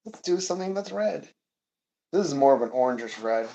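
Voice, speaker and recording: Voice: mid-range voice, lively intonation, brisk, vocal fry, warm tone, rough recording. A cooking streamer chatting casually and playfully, often chanting little words in a sing-song way.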